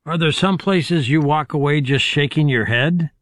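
A man's voice: fairly high pitch, moderate pace, fairly bright tone, no echo, clean studio sound. A man hosting an interview, asking brief, curious questions. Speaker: interview host.

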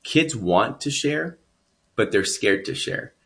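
A man's voice: mid-range voice, expressive, slow pace, a bit bright. A man from Texas telling his life story as a guest, earnest and emphatic. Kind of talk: personal storytelling.

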